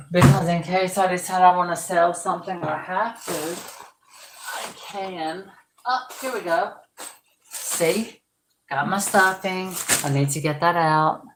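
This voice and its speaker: A woman's voice: lowish voice, roomy sound, noisy background. A woman restoring dolls, chatting in a rambling way and exclaiming often as she sorts her supplies at home. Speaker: doll restoration vlogger. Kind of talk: casual live-stream chat. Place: home room with stored boxes.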